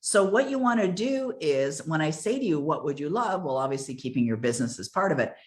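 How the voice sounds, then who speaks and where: A woman's voice: low voice, expressive, brisk. An older woman giving an earnest, emphatic motivational coaching talk, repeating key words for stress. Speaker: success coach.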